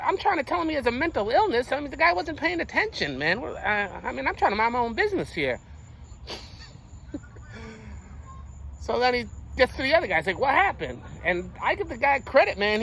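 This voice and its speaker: A young man telling a story to his viewers in casual street slang, animated and full of swearing. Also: high-pitched, gravelly, slight background noise, low-quality recording. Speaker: vlogger.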